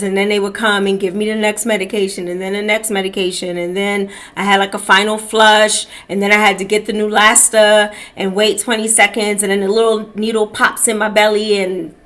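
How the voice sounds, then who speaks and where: A middle-aged woman hosting a podcast, telling a personal story in a slow, reflective way and calling her listeners beloved. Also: mid-range voice, a bit bright. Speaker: podcast host. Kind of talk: personal testimony, casual talk.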